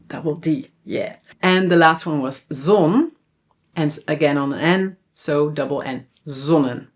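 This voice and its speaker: A woman with a Dutch accent teaching pronunciation, saying example words slowly and asking viewers to repeat after her. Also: deep voice. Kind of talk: pronunciation lesson.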